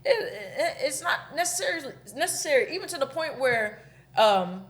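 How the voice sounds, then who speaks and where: A woman's voice: high voice, sing-song, fairly quick, fairly bright tone. A woman in her thirties, a podcast co-host, telling a breakup story candidly in casual chat and swearing freely.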